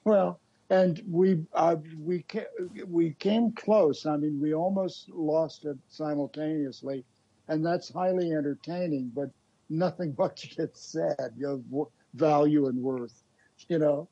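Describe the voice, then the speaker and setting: A man's voice: on the high side, mellow, breathy edge. Rambling man on a dull phone line. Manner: rambling, halting, laughs often. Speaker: regular caller. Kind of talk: casual radio call-in chat.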